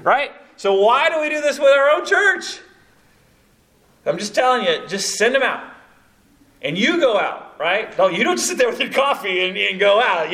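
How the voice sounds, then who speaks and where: Man, high voice, church training talk, storytelling, chatty asides. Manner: storytelling, animated, many asides like "you know, kind of thing". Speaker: evangelism trainer. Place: church meeting room with a live audience.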